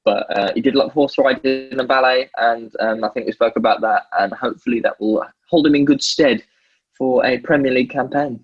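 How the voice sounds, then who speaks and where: A man co-hosting a casual sports podcast, easygoing and wry, pausing often with fillers. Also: mid-range voice, slightly rough, no room sound, highs cut off. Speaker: podcast co-host.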